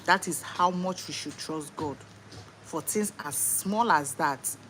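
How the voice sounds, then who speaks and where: A woman's voice: deep voice, takes it slowly, a bit bright, a little hiss or hum, poor audio. A young woman with a Nigerian accent, a new mother talking earnestly about faith on a casual livestream from home. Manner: earnest, faith-filled talk. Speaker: livestream host.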